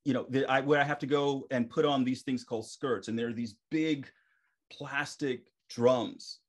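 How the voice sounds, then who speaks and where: A middle-aged man, a stage performer guest on a podcast, telling stories in a lively way and acting out his own thoughts. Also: mid-range voice, unhurried. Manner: animated, acts out his own inner thoughts. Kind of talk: casual storytelling interview.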